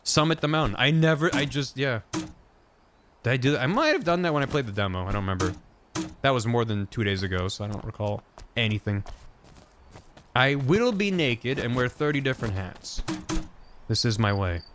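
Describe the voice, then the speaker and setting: A man's voice: mid-range voice, fast, background noise. A man giving casual gameplay commentary as a streamer, playful and wry.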